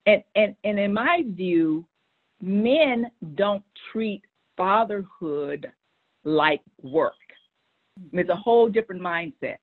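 Middle-aged woman, interview guest, animated storyteller, stammering restarts, tinny phone-like sound. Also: mid-range voice, slow pace. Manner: animated, repeats words when starting sentences. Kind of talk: conversational storytelling.

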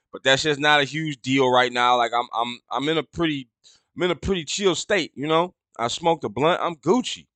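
A man with rambles through a grievance, swearing freely and pitching up when outraged. His voice sits a bit high with a bright, sharp edge. The recording is close and dry. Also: no room sound. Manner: profane, rambling, gets loud and high when indignant. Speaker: podcast host. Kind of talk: casual storytelling rant.

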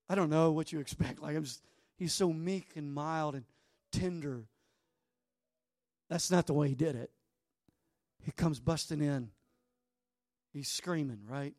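High-voiced, slow-preaching male pastor. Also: no room sound, studio quality. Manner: dramatic, hushed to emphatic. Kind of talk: sermon.

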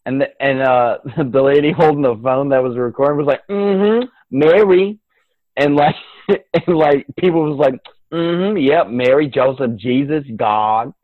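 A man's voice: mid-range voice, normal speed, dry recording. A man in casual comedic podcast chat, swearing freely, laughing often and acting out what people said. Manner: profane, laughing, acts out crowd voices. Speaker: podcast co-host. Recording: tinny phone-like line.

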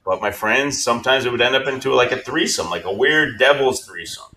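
Bright-voiced wisecracking podcast guest. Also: male voice, mid-range voice, fairly quick, a little hiss or hum, poor audio. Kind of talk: casual podcast chat.

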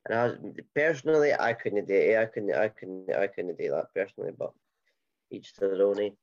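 A man's voice: fairly low pitch, a little fast, a little mellow, highs cut off. A Scottish man hosting a casual football podcast, chatty and rambling with many fillers and restarts. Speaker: podcast host.

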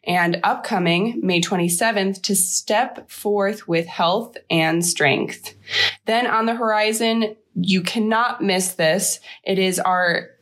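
A woman co-hosting a podcast, upbeat as she reads announcements and listener mail, her voice husky with a slight sore throat. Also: mid-range voice, slow pace, a bit bright. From Chicago area. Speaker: podcast co-host. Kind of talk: casual podcast chat.

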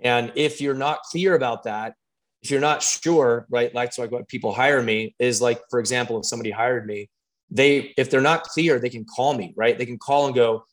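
A man in a relaxed conversation, speaking at an everyday middle pitch. He talks like a coach and tells stories with real animation, full of "like" and "right?", often restarting his sentences as he goes. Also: fairly quick. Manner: animated storyteller, frequent fillers and restarts. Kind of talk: casual conversation.

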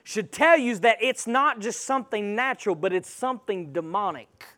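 High-pitched emphatic man preaching. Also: animated, normal speed, sharp tone. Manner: emphatic, calls out to the congregation. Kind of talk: sermon.

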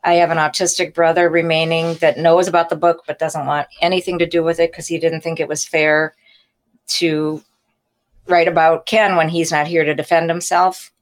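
Middle-aged woman, candid interview talk, lowish voice, frank, restarts often. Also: level tone, moderate pace. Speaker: author and podcast co-host.

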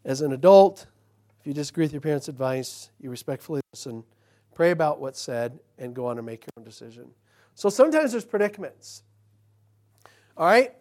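A man pastor preaching a sermon in a church, moving between quiet storytelling and loud, emphatic lines from scripture. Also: on the high side, lively intonation, brisk.

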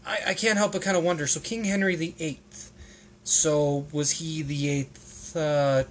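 A man's voice: on the high side, fairly even intonation, measured pace, a little hiss or hum. A man hosting a casual podcast, rambling and hesitant, with plenty of restarts and ums. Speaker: podcast host.

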